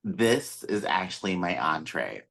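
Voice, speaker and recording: A man's voice: sits low, very animated, a little slow, vocal fry, sharp tone. A man co-hosting a podcast in casual chat, speaking in a loose, candid way with many fillers. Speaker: podcast co-host.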